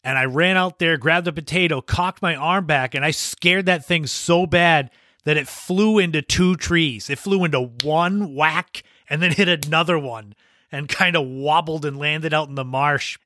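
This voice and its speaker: Podcast host, male, raised pitch, laid-back anecdotal delivery with laughs, dead-dry sound. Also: moderate pace, sharp tone, no echo. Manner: laughs while telling anecdotes. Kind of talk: casual storytelling monologue.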